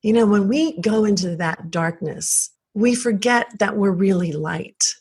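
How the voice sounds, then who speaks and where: A woman's voice: mid-range voice, a little slow, darkish tone, husky. A woman from South Texas, an interview guest, telling a personal story in an earnest, emotional and reflective way.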